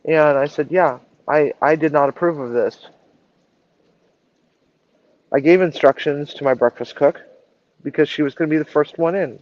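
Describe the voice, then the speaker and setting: A woman's voice: low-pitched, normal speed, long pauses, no room sound, dull audio. A woman chef telling a story in a casual live stream, acting out the dialogue and swearing freely. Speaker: chef and culinary director.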